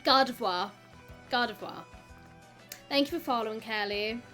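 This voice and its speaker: A young woman with a Welsh accent chats away to her stream viewers, giggling and peppering her sentences with "like". Her voice sits high. Soft music plays faintly behind her. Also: moderate pace. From South Wales. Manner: chatty, giggly, lots of "like". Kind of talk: casual live-stream chat.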